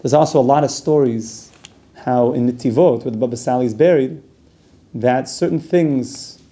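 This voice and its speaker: Mellow-voiced man teaching a Torah class. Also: mid-range voice, normal speed. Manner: casual, conversational, with Hebrew and Yiddish terms. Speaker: yeshiva teacher.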